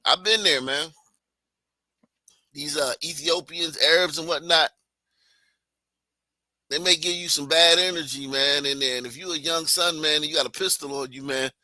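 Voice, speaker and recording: Male streamer, ringing bright tone, close and dry, casual rambling commentary. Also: fairly high pitch, normal speed, pauses often, no room sound. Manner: loose, repeats "man", restarts. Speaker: streamer reacting to clips.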